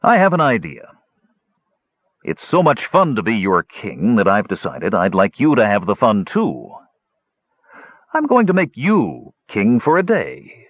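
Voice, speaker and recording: A man acts out a grumpy, gray-haired hill dwarf who barks in gruff, exasperated bursts. His voice swings in pitch and sounds dry and close, with a dull, muffled tone. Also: wildly swooping pitch, unhurried, no room sound, heavily acted. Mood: scheming.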